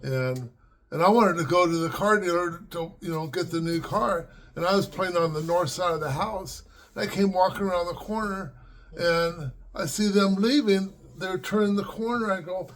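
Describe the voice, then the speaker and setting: At home with his dogs, this older LA-area vlogger reminisces casually, rambling with many fillers and restarts. He speaks at normal speed in a fairly bright voice on the high side.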